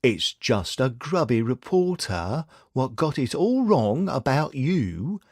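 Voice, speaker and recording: Man as a wry, steady detective. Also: medium pitch, slow pace, no room sound, clean studio sound, exaggerated voice. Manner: blunt, wry and reassuring. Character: shrewd, steady young male detective partner.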